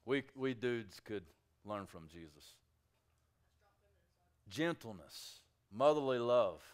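A man preaching a sermon to his congregation, swinging between quiet, intimate asides and loud, emphatic peaks, with acted-out quotes. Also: mid-range voice, animated, slow pace, clean tone. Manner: emphatic preaching with rising shouts and quiet drops. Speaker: pastor. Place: church sanctuary.

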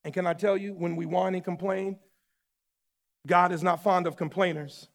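A high-voiced male pastor with a gravelly rasp preaches a sermon in a reverberant hall. He shouts emphatic lines, then drops to low, quiet asides. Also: steady tone, moderate pace. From New York or New Jersey area.

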